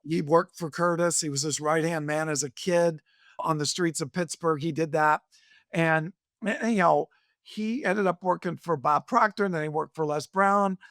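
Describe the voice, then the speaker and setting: A man's voice: a little high, moderate pace, a bit bright, dry recording, clean studio sound. A man hosting a podcast, chatting casually and retelling a story with enthusiastic, rambling asides. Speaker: podcast host. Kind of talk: casual interview.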